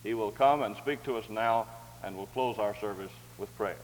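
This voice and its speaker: A man's voice: on the low side, a little hiss or hum. Formal man reading in a reverberant hall. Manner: measured, formal, dignified delivery. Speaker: worship leader reading scripture and introducing a speaker. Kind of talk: formal scripture reading and introduction. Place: large hall or chapel.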